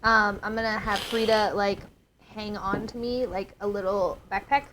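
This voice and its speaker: A woman's voice: medium pitch, fairly even intonation, normal speed, noisy background. A woman playing a tabletop game, stating her plans in a matter-of-fact way. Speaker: player. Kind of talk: casual tabletop play.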